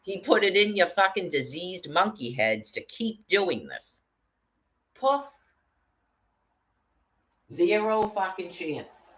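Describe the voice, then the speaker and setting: A woman's voice: lowish voice, big pitch swings, measured pace, fairly bright tone, rough recording. A woman delivering an angry, profane rant, cursing constantly and hurling threats.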